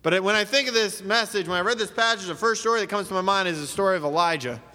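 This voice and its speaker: A man preaches with a high, bright voice, pressing his point through one rhetorical question after another. His delivery is emphatic and driving. The sound carries the long reverb of a large hall. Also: very fast. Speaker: pastor. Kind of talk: sermon.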